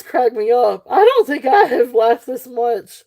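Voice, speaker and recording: Giggly slow-talking woman selling jewelry live. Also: fairly high pitch, big pitch swings, creaky, mellow. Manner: giggly, rambling, talks to viewers. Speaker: live-stream jewelry seller. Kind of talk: casual live-stream selling chat. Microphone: desk setup, face off camera.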